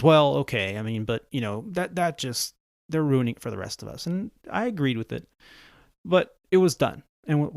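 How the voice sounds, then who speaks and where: A man's voice: mid-range voice, gravelly, darkish tone, dry recording, clean studio sound. A man who hosts a podcast and flies for an airline, telling anecdotes in a conversational way and acting out the other people in his stories. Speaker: podcast host and airline pilot. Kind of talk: casual anecdotal storytelling.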